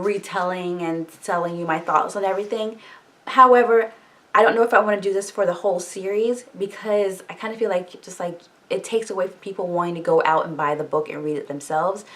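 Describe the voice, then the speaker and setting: A woman talking casually as she recaps and reviews a book, full of fillers, jokey asides and swearing. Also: fairly low pitch. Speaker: book vlogger.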